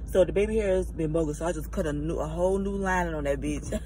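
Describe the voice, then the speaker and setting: A woman's voice: sits low, fast talker. A woman vlogger chatting casually to camera while driving, talking slangy and profane and calling her viewers y'all. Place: inside a car while driving. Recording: loud car and road noise. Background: car engine and road noise.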